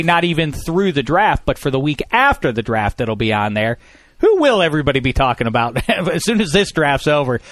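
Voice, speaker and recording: A man's voice: a little high, no echo, studio quality. Jokey man hosting a podcast. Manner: jokey, playful, animated hosting. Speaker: podcast host. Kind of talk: casual studio podcast chat. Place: studio.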